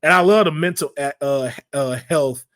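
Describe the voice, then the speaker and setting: A man hosting a casual podcast chat, talking in slangy, animated bursts and acting out quotes in playful voices. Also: on the high side, normal speed. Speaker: podcast host.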